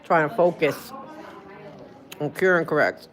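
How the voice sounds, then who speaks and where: Woman, Jersey accent, low-pitched, rambling livestream chatter on a phone. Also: unhurried, fairly bright tone. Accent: New Jersey. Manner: rambling and chatty, full of "like" and restarts. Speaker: streamer. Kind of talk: casual livestream chat.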